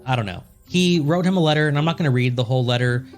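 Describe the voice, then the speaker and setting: A man's voice: medium pitch, racing, soft background music. Swearing, easygoing male podcast co-host. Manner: swears freely, joking and loose. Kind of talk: casual storytelling chat.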